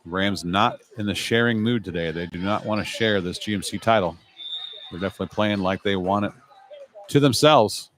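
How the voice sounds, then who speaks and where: A man doing live play-by-play commentary as the show's announcer, brisk and chatty, with casual asides between rallies. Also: lowish voice, fairly bright tone, a little hiss or hum.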